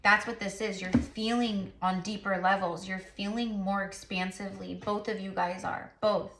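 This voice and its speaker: A woman's voice: mid-range voice, steady tone, normal speed, roomy sound, background noise. A woman giving a casual spiritual tarot reading to her viewers, rambling with lots of fillers and repeated affirmations. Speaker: tarot reader and psychic.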